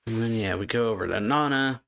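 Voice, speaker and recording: A man's voice: on the low side, fairly quick, creaky, a bit bright. A man hosting a reaction channel, casually recapping a manga chapter and reading its lines aloud, with rambling filler-heavy talk. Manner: rambling, filler-heavy, strings lines together with "and then, yeah".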